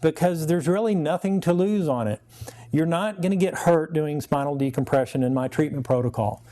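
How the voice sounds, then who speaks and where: A man who is a chiropractor, a guest on a talk show, giving steady, plain explanations of his treatment. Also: fairly high pitch, moderate pace.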